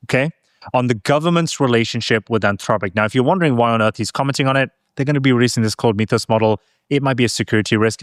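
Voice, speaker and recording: A British man co-hosting a casual tech podcast, chatty and quick to laugh. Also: medium pitch, dry recording, studio quality. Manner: chatty, laughs easily, says whilst. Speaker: podcast co-host.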